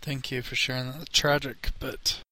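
A man's voice: mid-range voice, level tone, moderate pace, pushed and bright, dry recording. A man hosting an interview, asking questions in a chatty, stumbling way. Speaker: interview host. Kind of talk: interview conversation.

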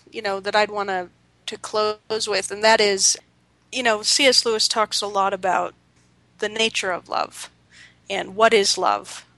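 A woman co-hosting a casual conversation, halting and filling gaps with um and you know. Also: medium pitch, fairly bright tone, no room sound, rough recording. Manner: halting, with many fillers. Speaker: co-host.

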